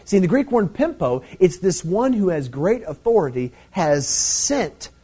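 A man's voice: high-pitched, very animated, a little slow, dark tone, husky. A middle-aged man preaching a Bible teaching sermon in a conversational way, with many fillers, swelling into emphatic stresses.

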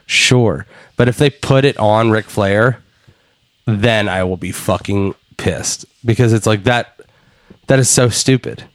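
A man co-hosting a podcast in casual chat, animated and swearing as he thinks out loud. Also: on the low side, unhurried, no room sound. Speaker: podcast co-host.

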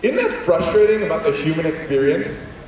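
A slightly high-voiced man tells funny, self-deprecating stories to a crowd and slips into character voices for the quotes. He sounds far from the mic, with long reverb filling a large hall. A faint room hum sits behind him. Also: sing-song, normal speed, a little mellow. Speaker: comedian and former teacher giving a talk. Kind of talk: humorous storytelling talk to an audience. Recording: echoey hall heard from far off.

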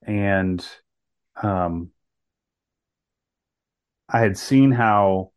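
A man's voice: low-pitched, no echo, lo-fi sound. A man co-hosting a podcast, earnestly recounting a personal story in casual talk with many fillers and restarts. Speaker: podcast co-host.

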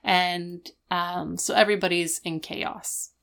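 A woman's voice: on the low side, fairly even intonation, takes it slowly, vocal fry, a bit bright. A young woman co-hosting a podcast, recapping a TV episode in casual chat and acting out the characters' lines. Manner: chatty, with many fillers like "like" and "um". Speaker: podcast co-host.

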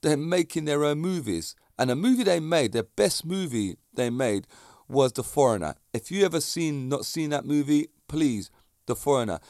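A man's voice: a little high, expressive, normal speed, darkish tone, no room sound, clean studio sound. Chatty man vlogging. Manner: chatty and digressive, addressing viewers directly. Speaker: fitness instructor and vlogger. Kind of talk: casual monologue to camera.

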